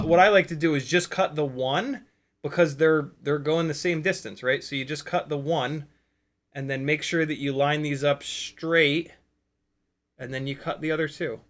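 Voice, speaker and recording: A fairly high, bright-voiced man chats through a hobby livestream. He gets excited and curses casually, breaking off and restarting sentences as he works at his bench. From United States. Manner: excitable, profane, rambling with restarts. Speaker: FPV drone livestream host. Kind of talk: casual hobby livestream, hands-on soldering demo.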